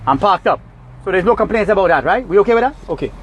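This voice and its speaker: A man's voice: high-pitched, lively intonation, fast, slight background noise, rough recording. A Trinidadian man recording a heated, scolding rant from his parked car. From Trinidad and Tobago. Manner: agitated, preachy, scolding. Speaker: vlogger.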